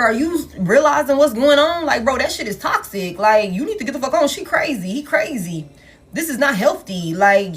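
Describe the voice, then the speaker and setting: A woman giving a casual tarot reading, blunt and profane, talking straight to the viewer. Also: mid-range voice. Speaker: tarot reader.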